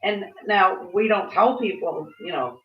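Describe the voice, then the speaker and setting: A woman's voice: medium pitch, unhurried. A woman ranting casually and frankly to camera, swearing freely as she vents. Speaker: vlogger. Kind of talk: casual rant. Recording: roomy, distant, dull sound.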